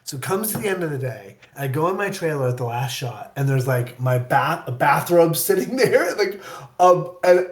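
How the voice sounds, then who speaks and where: Man, from the Midwest, rambling self-deprecating storyteller, somewhat high voice, echoey room. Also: moderate pace. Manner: rambling, self-deprecating, animated when quoting himself. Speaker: guest actor. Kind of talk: casual storytelling on a live audio chat.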